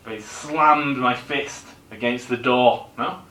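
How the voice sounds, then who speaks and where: A man teaches a classroom lesson with a bright, ringing tone. The recorder sits at a distance in an echoey room, and there is faint ambience behind him. He explains each word patiently and keeps checking in with his students. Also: medium pitch, takes it slowly. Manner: explaining, checks in with tag questions. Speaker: English teacher.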